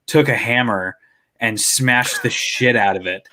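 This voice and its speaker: A man in his late twenties telling stories in casual podcast chat, relaxed and swearing freely. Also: medium pitch, a little slow. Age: 20s.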